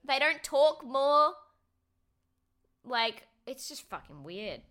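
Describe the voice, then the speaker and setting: A woman's voice: high-pitched, sing-song, takes it slowly, fairly bright tone. A woman, co-hosting a casual podcast chat, swearing freely and acting out quotes. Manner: chatty, swears freely, acts out quotes with laughs. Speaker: podcast co-host.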